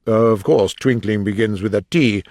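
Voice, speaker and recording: A man voicing an impatient, bossy male king who gives sharp commands. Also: on the low side, measured pace, dry recording, studio quality. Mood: stern.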